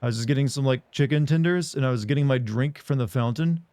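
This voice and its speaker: A man's voice: mid-range voice, fast talker, warm tone, no room sound. A man chatting casually with viewers while streaming a game, rambling, joking, and laughing often. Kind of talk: casual chat while playing.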